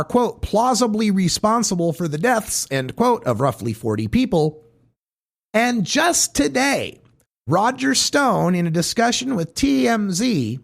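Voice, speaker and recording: A man's voice: high voice, creaky. A man hosting a podcast, reading a scripted commentary segment and stressing each quote with pointed emphasis. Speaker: podcast host.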